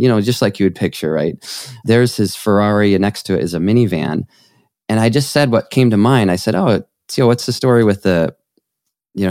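A man guest on a podcast, talking in a rambling, enthusiastic way and telling stories with animated bursts. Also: lowish voice, no room sound, clean studio sound. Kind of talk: conversational interview.

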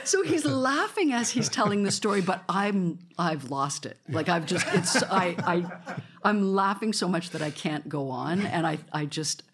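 A woman's voice: on the low side, animated, measured pace, crowd noise. A woman radio host telling stories in a live studio conversation, chatty and often laughing.

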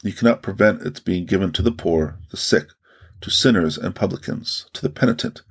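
Brief: man reading an earnest male teacher, husky and low, solemn rebukes in read-aloud narration. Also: fairly quick, full character voice.

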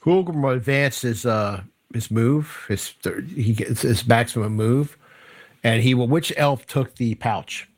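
A man playing a tabletop game, excitable and swearing freely as he describes his moves. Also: medium pitch, unhurried. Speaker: player. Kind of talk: tabletop game play, casual chat.

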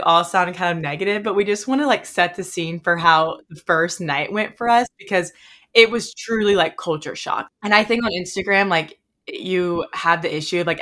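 Low-voiced young woman podcast host. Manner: relaxed, descriptive recapping. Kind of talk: casual podcast chat.

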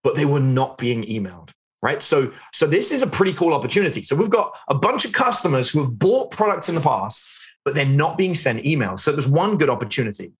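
Animated man teaching a live webinar. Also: on the high side, brisk. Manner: chatty, asks the chat questions, lots of "like" and "right?". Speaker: online business instructor.

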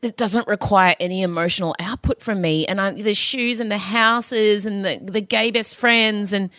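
Bright, animated woman. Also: mid-range voice, moderate pace, no echo, studio quality. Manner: animated, swears and laughs often. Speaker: podcast co-host. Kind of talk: casual chat.

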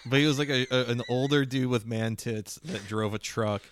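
A man's voice: mid-range voice, moderate pace, noisy background. A man co-hosting a comedy podcast, telling rambling anecdotes in casual chat. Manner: rambling anecdotes, lapses into silly voices. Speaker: podcast co-host.

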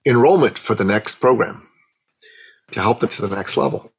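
A middle-aged man, a guest on an interview, telling a personal story with animated, emotional delivery and acting out the dialogue. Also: mid-range voice, moderate pace, creaky, breathy edge, rough recording. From Iran.

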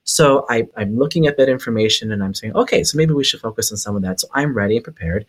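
A man from Hawaii, a psychic medium on a podcast, telling a story in a lively way and laughing as he goes. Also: medium pitch, fast talker. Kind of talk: casual storytelling.

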